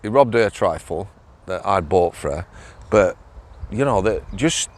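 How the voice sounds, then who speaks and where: A man's voice: low-pitched, lively intonation, unhurried. A man telling a workplace story in a casual, chatty monologue, often laughing and asking "yeah?". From England. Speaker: former prison officer vlogger.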